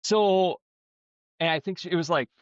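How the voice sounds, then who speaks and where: A man's voice: sits high, normal speed, smooth, dry recording. A man co-hosting a podcast, telling a story in a rambling, profane, casual way. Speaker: podcast co-host. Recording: dull, slightly lo-fi dry sound.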